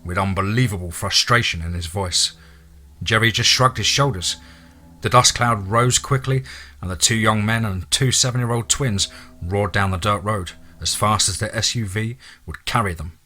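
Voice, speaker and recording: A man narrating a horror story in a dramatic, steady audiobook reading. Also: on the low side, moderate pace, soft background music.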